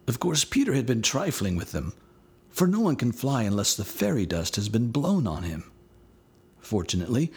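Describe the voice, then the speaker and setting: A man narrates a scripted lesson and reads a story aloud. His voice is low and husky. His pitch moves a lot as he gives an animated reading. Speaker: teacher, storyteller.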